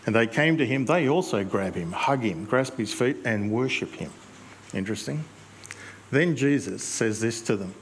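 A male pastor, preaching in a conversational storytelling way with reflective pauses. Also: medium pitch, lively intonation, slight background noise. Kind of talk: sermon.

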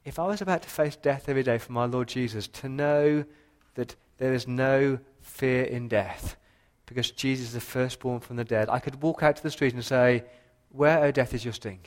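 A man preaching a sermon with passion, his voice rising for emphasis and dropping low for quiet points. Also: normal speed, few pauses. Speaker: pastor.

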